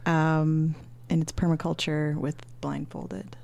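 A woman's voice: sits low, little pitch movement, takes it slowly, creaky, darkish tone, no room sound, dull audio. A woman co-hosting a radio show in casual chat, easygoing as she reads off a playlist at a studio mic. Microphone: studio microphone.

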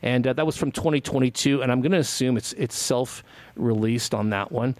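A man's voice: mid-range voice, fairly quick, a little mellow, dry recording. A middle-aged man hosting a radio show, telling a rambling story and acting out both sides of the conversation, full of "like" and restarts. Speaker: radio host. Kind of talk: casual storytelling on community radio.

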